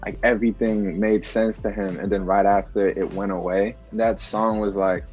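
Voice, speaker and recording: A man's voice: fairly low pitch, normal speed, soft background music. A young man, a musician guest, talking reflectively in a casual interview over a video call, filler words throughout. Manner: relaxed, reflective, says "like" often. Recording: dull lo-fi call audio.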